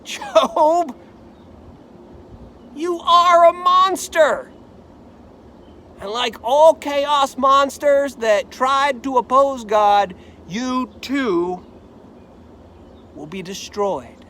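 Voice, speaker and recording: A man's voice: very high voice, fairly even intonation, takes it slowly, few pauses, fairly bright tone, slight background noise, exaggerated voice. A man voicing a scornful male accuser who berates a suffering man in an emphatic, accusing way.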